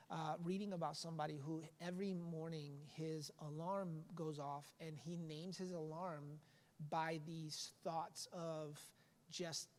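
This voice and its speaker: A man who is a pastor talks earnestly in a casual podcast chat. He leans into a preachy delivery and often restarts his sentences. His voice trails off into a long, lingering reverb. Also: fairly high pitch.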